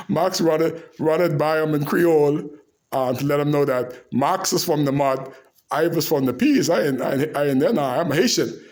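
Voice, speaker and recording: A man with a slightly higher voice, telling loose, animated stories straight to camera. He laughs his way through, leans hard on local dialect and jumps between tangents. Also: normal speed. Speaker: storyteller. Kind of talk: casual storytelling to camera.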